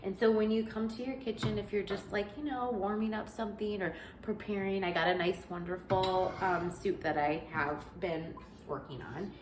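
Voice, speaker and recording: A woman's voice: medium pitch, steady tone, moderate pace, hardly any pauses, noisy background. A woman vlogger chatting earnestly about faith and cooking, rambling with many fillers. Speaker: lifestyle vlogger. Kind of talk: casual faith-based chat. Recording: echoey room.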